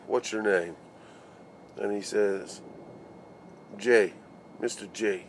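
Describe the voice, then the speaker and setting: A construction worker tells a rambling work story in a low, easygoing voice, swearing and laughing as he goes. He acts out the other men's lines, and a faint hiss runs under the recording. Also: slow pace, long pauses. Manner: laid-back, laughing, swears freely, acts out quoted voices. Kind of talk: casual storytelling vlog.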